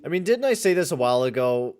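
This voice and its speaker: A man's voice: on the high side, big pitch swings, fast, a little mellow, clean tone. A man from western Canada hosting a casual live hockey play-by-play podcast, swearing and complaining in exasperation. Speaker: podcast host and play-by-play caller.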